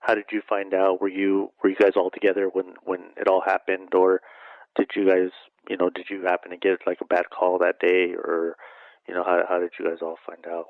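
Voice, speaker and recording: Deep, flat-voiced male interviewer on a tinny line. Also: brisk, no room sound. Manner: curious, asks probing follow-up questions. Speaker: interviewer, host. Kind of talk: casual interview questions. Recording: tinny phone-like dry sound.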